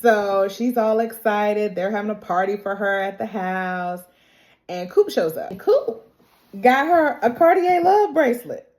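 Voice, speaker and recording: This TV recap vlogger has a medium-pitched, darkish voice and takes her time. She goes through the episode in a casual, colloquial way, performing the characters' quotes and laughing a lot as she tells it.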